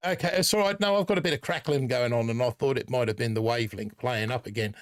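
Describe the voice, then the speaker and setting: A man's voice: medium pitch, fast, no room sound, studio quality. A man hosting a casual live stream in a put-on Australian accent, rambling and joking as he reads out chat names. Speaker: livestream host.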